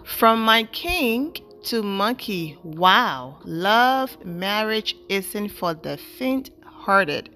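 A woman's voice: medium pitch, soft background music. Woman reading gossip comments aloud. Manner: animated, reads comments aloud with quick asides. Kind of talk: reading and reacting to social media comments.

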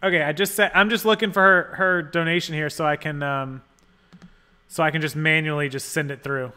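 A man's voice: on the high side, steady tone, fairly quick, sharp tone, smooth. A man hosting a casual livestream, rambling and thinking aloud as he adjusts settings and thanks viewers for donations. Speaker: livestream host. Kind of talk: casual live-stream chat.

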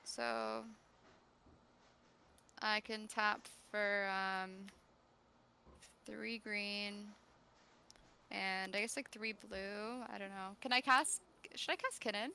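A woman playing a card game, thinking out loud and hesitating with many pauses. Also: mid-range voice, fairly even intonation, smooth. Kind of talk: casual game-table chat.

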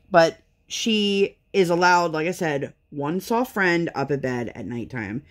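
A woman in her thirties with a low voice chats away while she works on a craft. She rambles candidly and vents her frustration, sighing now and then. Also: darkish tone. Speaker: vlogger and mother. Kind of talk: casual chat while crafting.

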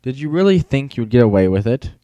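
A man's voice: mid-range voice, very animated, brisk, dark tone, no echo, highs cut off, lightly acted. A man voicing a sinister female teacher. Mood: menacing. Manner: clipped, sugary then threatening. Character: menacing middle-aged female teacher, cold and sinister.

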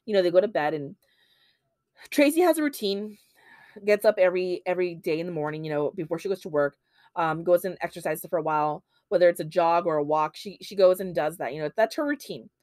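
A woman's voice: lowish voice, brisk, darkish tone, no echo, studio quality. A woman hosting a podcast and retelling a true crime case in a casual, chatty way, full of fillers and bits of Spanish. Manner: chatty, many fillers, drops Spanish phrases; acts out quoted lines in a heated voice. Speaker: podcast host.

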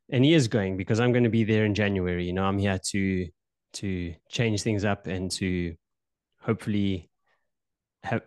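A man's voice: on the low side, darkish tone, no echo. A male podcast host improvising a role-play as a politician in his own voice, loose and hesitant, repeating words. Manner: voicing a well-known politician in his own voice.

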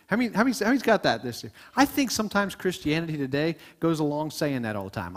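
A man's voice: a little high, sing-song, fast talker, hardly any pauses. A middle-aged man preaching a sermon to his congregation in a conversational way, repeating words, restarting sentences and asking the listeners questions. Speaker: pastor. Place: church sanctuary before a congregation.

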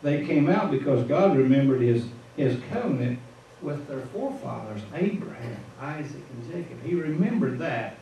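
Folksy Midwestern preacher in an echoey church. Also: male voice, mid-range voice, expressive, normal speed, mellow, lo-fi sound, slight background noise. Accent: Midwestern American. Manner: folksy storytelling, chuckles at his own asides. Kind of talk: informal sermon. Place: church sanctuary. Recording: echoey room, far from the mic.

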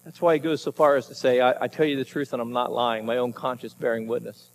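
A man's voice: mid-range voice, level tone, fast. A male pastor preaching a conversational, emphatic sermon with a Southern American accent.

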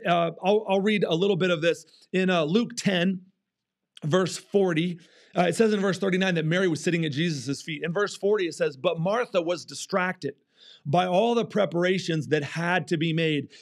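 A man's voice: sits high, creaky. A male pastor preaching a sermon in church, acting out quoted complaints with restarts and fillers. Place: church stage.

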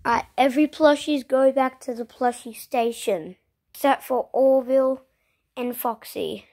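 A playful woman with a somewhat high voice improvises a plush toy show. She hops between a string of character voices as she plays. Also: a little slow, darkish tone. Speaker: plush video maker.

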